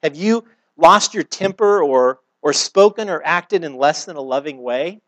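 A man's voice: on the high side, unhurried, no echo. Earnest middle-aged male preacher, dry sound. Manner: earnest, conversational preaching with everyday examples; repeats words when restarting. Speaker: pastor. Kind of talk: sermon.

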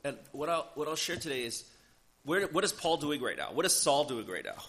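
A man preaching a sermon in a church in a relaxed, conversational way, pausing for an interpreter and adding joking asides. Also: on the high side.

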